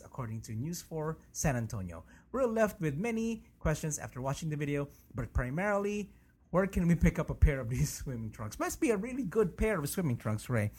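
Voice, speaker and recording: A man's voice: fairly high pitch, darkish tone, breathy edge. A man co-hosting a casual talk show, jokey and teasing in his banter. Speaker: co-host.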